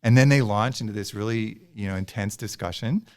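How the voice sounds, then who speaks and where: A man's voice: lowish voice, a little fast, a little mellow, smooth. A man, a professor and guest, talking conversationally in an interview with many fillers and restarts.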